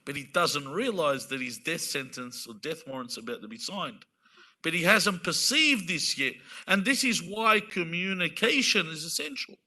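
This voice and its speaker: A man's voice: a little high, lively intonation, moderate pace, pushed and bright. A man giving a conversational sermon, acting out small everyday exchanges between husbands and wives. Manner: conversational, acts out everyday dialogues. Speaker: speaker at an Islamic centre. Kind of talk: sermon-style talk.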